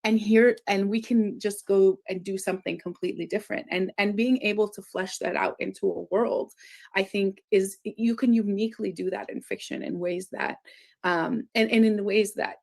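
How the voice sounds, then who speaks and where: A woman professor speaks at a middle pitch with a gravelly, creaky edge. She talks in a halting, academic way, padding her points with "um" and "right?". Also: fairly even intonation, darkish tone. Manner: hesitant, many fillers and "right?" tags. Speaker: university professor. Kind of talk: academic discussion.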